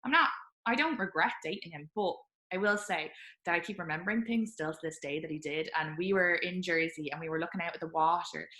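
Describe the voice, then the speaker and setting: A woman podcast host tells candid stories in a chatty, animated way, full of "like" and quick asides. Her voice is bright and a touch low-pitched for a woman. It rings in an echoey room. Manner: chatty, animated, laughing storyteller with lots of fillers. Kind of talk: candid conversational storytelling.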